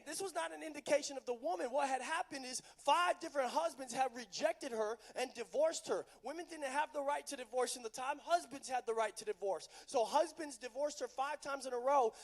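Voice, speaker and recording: A man preaching a passionate sermon at a live event, building to loud, urgent delivery. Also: very high-pitched, vocal fry.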